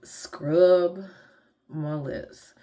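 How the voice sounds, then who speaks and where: A woman's voice: low voice, steady tone, extremely slow, dark tone. A young woman vlogger chatting casually to viewers in slangy talk while walking through her skincare routine. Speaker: beauty vlogger.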